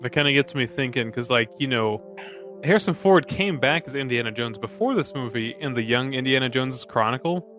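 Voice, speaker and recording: A man's voice: mid-range voice, lively intonation, fairly quick, a bit bright, soft background music. A man co-hosting a casual movie podcast, sarcastic and jokey, swearing freely. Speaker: podcast co-host. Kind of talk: casual movie review chat.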